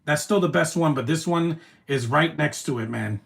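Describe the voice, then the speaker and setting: A man streaming his reaction to a movie, talking in an emotional, rambling way with many "man" tags and the odd loud taunt. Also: on the high side, moderate pace, creaky. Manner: soft-spoken, with sudden loud taunting outbursts. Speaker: live streamer.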